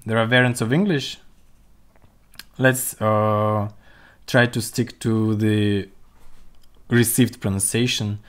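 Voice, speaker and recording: A language teacher streams a vocabulary lesson from a room at home through his computer mic. Speaking slowly and carefully in a lowish voice, he models pronunciation by repeating sounds for his students.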